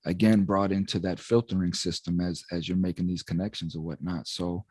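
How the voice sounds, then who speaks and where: Low-voiced man hosting an interview. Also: level tone, brisk, a little mellow, no room sound. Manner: reflective, advice-giving. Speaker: interview host. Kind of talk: casual interview.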